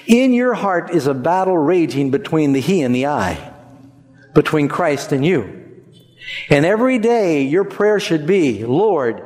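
Man, pastor, sermon, emphatic, fairly high voice, long hall reverb. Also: expressive, a little slow, a little mellow. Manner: emphatic, asks the congregation to repeat.

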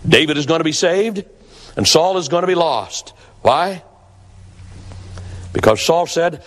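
A man's voice: on the high side, unhurried, pauses often, a bit bright. A man preaching a sermon in an earnest, emphatic way, often repeating words for stress. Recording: long hall reverb.

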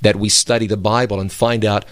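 A man's voice: fairly low pitch, flat delivery, fairly quick, fairly bright tone, no echo. Emphatic man preaching from the Bible. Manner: emphatic, persuasive, repeats for stress. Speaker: Bible program co-host. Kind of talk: conversational Bible teaching.

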